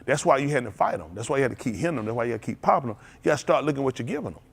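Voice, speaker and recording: A middle-aged man, preaching an animated sermon as pastor, laughing and calling out to the congregation. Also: medium pitch, racing, vocal fry, slightly rough. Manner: animated preaching with laughs and audience call-outs.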